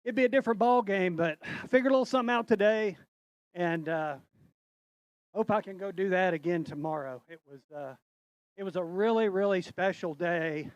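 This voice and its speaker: Brief: middle-aged man, high voice, earnest and choked up, dry sound. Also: normal speed, dry recording, dull audio. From Tennessee. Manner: heartfelt, earnest, slightly choked up. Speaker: tournament angler. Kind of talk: on-stage interview.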